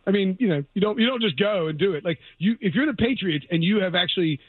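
A man's voice: high-pitched, lively intonation, quick pace, slightly rough, no echo. A man co-hosting a sports radio show, casual and sarcastic, rambling with frequent restarts. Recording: tinny phone-like radio audio.

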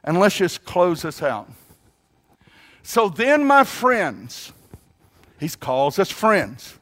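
A man preaching a sermon in a notably high voice. He is emphatic, stretching out key words and calling on listeners to say phrases back. He often restarts his sentences mid-thought. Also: very animated, a bit bright. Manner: emphatic, calls congregation to repeat phrases; halting restarts, drawn-out emphasis. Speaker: pastor.

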